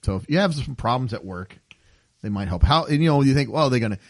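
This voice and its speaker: A man's voice: medium pitch, lively intonation, fast, dry recording. A man co-hosting a comedy podcast, reading odd news stories aloud and joking about them with frequent laughs. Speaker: podcast co-host. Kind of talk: casual comedy podcast chat.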